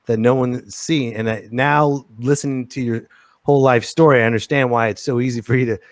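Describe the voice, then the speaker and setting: A man's voice: mid-range voice, fairly even intonation, brisk, no echo. A man hosting a podcast interview, laid-back and laughing along with short replies. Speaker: podcast host. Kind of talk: casual interview.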